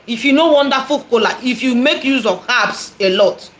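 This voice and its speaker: A woman with a Nigerian accent, a prophetess telling a personal testimony in an animated, repetitive way, dropping in Igbo phrases. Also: high-pitched, normal speed, a little hiss or hum. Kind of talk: testimony storytelling.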